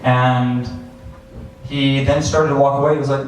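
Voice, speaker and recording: A man's voice: mid-range voice, flat delivery, unhurried. A man in his thirties tells a personal story to a live audience, acting out his own past thoughts with chuckles. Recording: very echoey, distant, faint hiss.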